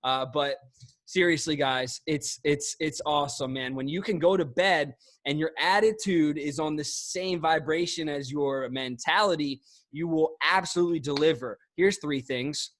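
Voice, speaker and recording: A man's voice: a little high, fairly bright tone, dry recording. Punchy, emphatic male sales coach. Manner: emphatic, punchy, swings between fast and drawn-out. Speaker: sales trainer. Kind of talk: motivational sales coaching on a video call. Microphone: video call.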